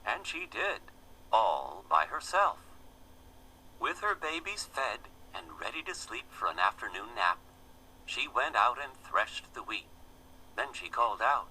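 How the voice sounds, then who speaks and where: A man reading a children's fable aloud in a gentle, expressive storybook manner. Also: medium pitch, unhurried, slight background noise, rough recording.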